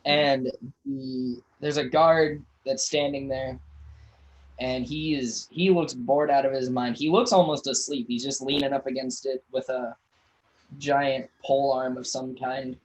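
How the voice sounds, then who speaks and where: A man's voice: medium pitch, rough recording. Male game master narrating a tabletop game. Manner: relaxed, halting narration with many restarts.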